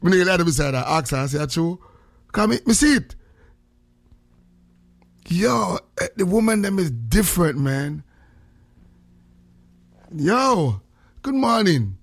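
A man's voice: sits high, very animated, measured pace, vocal fry, long pauses, no room sound. Joking Jamaican radio host man. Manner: joking, heavy patois, frequent greetings. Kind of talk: casual morning radio chat.

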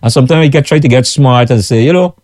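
Fast and a little mellow, the mid-range voice of a Guyanese-accented man comes through in studio quality with no room sound. He's a food vendor with his own kitchen business, talking casually and repetitively to his followers, often tossing in "you know what I'm saying".

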